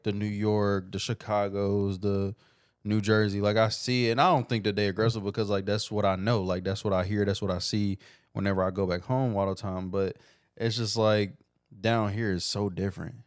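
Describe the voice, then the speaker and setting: A man's voice: fairly low pitch, steady tone, normal speed, clean tone, no room sound, studio quality. A man with Michigan roots who grew up in the South, co-hosting a casual podcast chat in an easygoing, hesitant way. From Michigan roots, raised in the South. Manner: easygoing, hesitant, many fillers. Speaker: podcast co-host.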